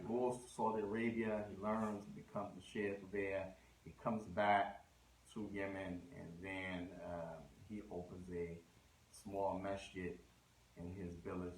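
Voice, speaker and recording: A man's voice: low-pitched, slight background noise. Man giving an echoey religious lecture. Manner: conversational, scattered Arabic phrases and restarts. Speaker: Islamic lecturer.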